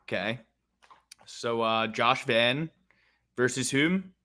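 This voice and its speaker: A man's voice: mid-range voice, takes it slowly, pushed and bright. A man co-hosting a fight-picks podcast, blunt and mock-angry, swearing as he scolds. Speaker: podcast co-host. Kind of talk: casual fight-picks chat.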